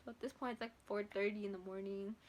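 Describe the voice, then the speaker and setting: Her medium-pitched voice moves fast as the young vlogger relays a long story from her own life, performing the other people's lines, swearing liberally, and switching into Spanish at times. There's a faint hiss or hum in the background.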